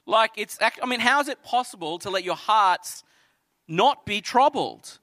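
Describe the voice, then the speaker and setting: A young Australian pastor delivers a sermon, his voice sitting high and sounding bright and forward. He reads scripture and tells stories in an animated way, acting out the voices he quotes. The sound is close and dry, with little room. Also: moderate pace, no echo. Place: church.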